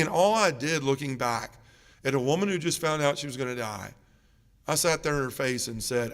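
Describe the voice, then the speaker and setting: A man's voice: mid-range voice, brisk. A man giving an emotional personal testimony at a parish mission, telling his story with feeling. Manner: emotional storytelling, rising loud when reliving arguments. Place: church. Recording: echoey church with long reverb.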